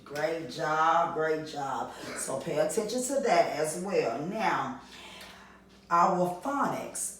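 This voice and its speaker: A woman's voice: low voice, a little hiss or hum. A woman teaching a reading lesson to young children, asking questions in a sing-song way and answering them herself. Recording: distant mic, very echoey room.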